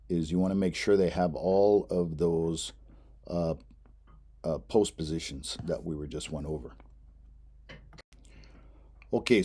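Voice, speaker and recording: A man narrates a language lesson, explaining patiently and repeating every word so listeners can practice pronunciation. His voice is low, dark and husky.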